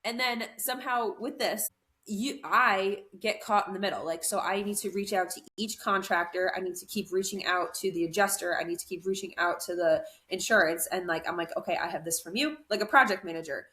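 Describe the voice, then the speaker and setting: A woman's voice: mid-range voice, fairly quick. A young woman co-hosting a podcast, casually telling a story and acting out what other people said. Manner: animated storyteller, acts out quoted voices. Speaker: podcast co-host.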